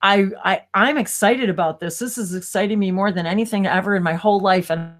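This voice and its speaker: A woman chats loosely on a live stream, her thoughts spilling out in rambling loops. She keeps cutting herself off mid-sentence and breaks into quick laughs, heard over a video call. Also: medium pitch. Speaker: co-host of a live spiritual stream. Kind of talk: casual live-stream chat.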